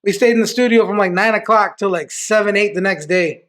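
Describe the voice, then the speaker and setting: High-voiced man telling loose stories. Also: a little fast, a bit bright. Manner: loose, profane, full of restarts. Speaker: podcast guest. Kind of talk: casual storytelling.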